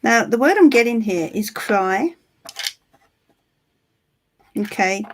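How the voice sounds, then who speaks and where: A woman giving a live psychic reading, soothing and reassuring, with frequent pauses and restarts. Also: fairly high pitch, expressive. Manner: soothing, reassuring, calls the listener "my love"; halting, with many ums and restarts. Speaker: tarot reader.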